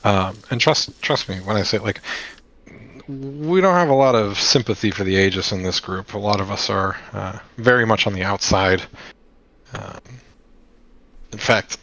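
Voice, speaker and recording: A man's voice: on the low side, normal speed, a bit bright, voice pushed down. A man playing a blunt, casual adventurer. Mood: frank. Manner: loose and conversational, full of fillers.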